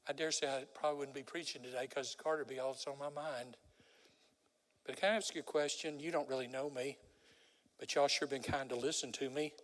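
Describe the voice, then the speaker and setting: An older man preaching a sermon as a guest preacher, telling stories dramatically and swinging from loud exclamations to hushed pleas. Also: mid-range voice, fairly even intonation, brisk. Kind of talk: sermon with storytelling. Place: large church sanctuary. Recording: long hall reverb.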